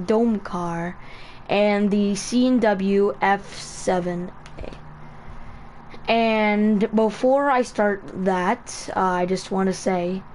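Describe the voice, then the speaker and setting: Woman streamer, slow and meandering delivery, filler-heavy casual tutorial talk. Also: medium pitch, a little mellow, a little hiss or hum. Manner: rambling, many fillers and self-corrections.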